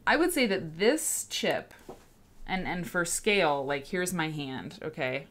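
A woman's voice: low-pitched, lively intonation, a little slow, a bit bright. A woman hosting a casual livestream, chatty and rambling, greeting viewers in the chat by name. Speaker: host.

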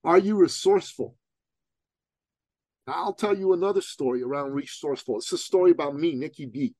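A man's voice: fairly high pitch, brisk, a little mellow, no room sound. A middle-aged man from Iran, a guest telling a motivational story in conversation, emphatic and full of rhetorical questions. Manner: streetwise, calls the host "bro".

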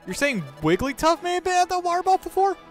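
A player voicing a fussy, excitable bird who runs things, with shrill, emphatic exclamations in a fan dub of a game. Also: quick pace, faint music behind. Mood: indignant.

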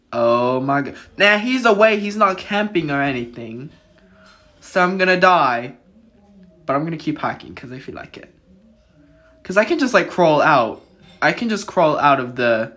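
Jumpy gamer freaking out over a horror game, talks slow and drawn out, keeps gasping oh my goodness, goes whispery when it gets tense. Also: medium pitch, a bit bright. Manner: jittery, keeps exclaiming in fright. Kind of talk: let's-play commentary.

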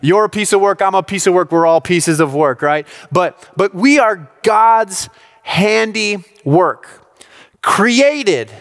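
A man in his thirties preaching a youth sermon, telling a personal story with lively quoted outbursts and direct appeals to his listeners. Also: a little high. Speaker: youth pastor.

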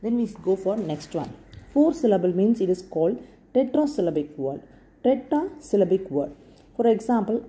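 A woman teaching an English lesson in an Indian English accent. She speaks slowly, repeats words and spells them out letter by letter. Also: medium pitch, warm tone. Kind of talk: recorded classroom lesson.

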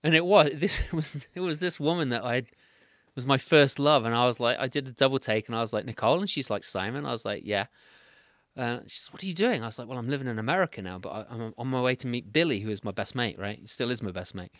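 A man's voice: mid-range voice, quick pace, a bit bright, dry recording, studio quality. A man from England, hosting a casual interview over a remote call, chatty and laughing often as he tells stories. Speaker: podcast host. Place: home, remote video call.

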